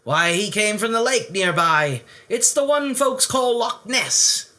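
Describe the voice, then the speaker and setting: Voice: mid-range voice, animated, measured pace, bright, forceful tone, voice pushed up. A storybook reader voicing a cheerful, folksy uncle with a Scottish accent. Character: jolly old Scottish uncle.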